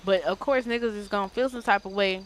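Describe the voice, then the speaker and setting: A woman's voice: mid-range voice, fast talker. Woman telling a slangy, profane story. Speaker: streamer. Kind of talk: casual story time.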